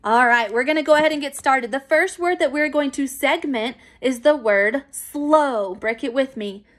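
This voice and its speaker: A woman teacher giving a recorded phonics lesson to young children, encouraging and clear. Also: high voice. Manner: slow, clear, encouraging classroom pacing.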